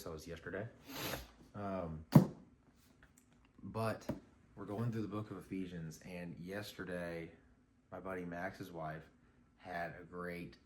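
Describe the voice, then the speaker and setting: Deep voiced guy riffing in a casual vlog, lots of ums, bit of background hiss. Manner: rambling, reflective, many fillers and restarts. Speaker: vlogger. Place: outdoors on a morning run.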